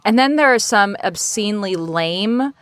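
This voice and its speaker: A woman's voice: medium pitch, lively intonation, measured pace, fairly bright tone, dry recording. Chatty woman podcast guest, dry sound. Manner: chatty, laughs easily. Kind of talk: casual chat.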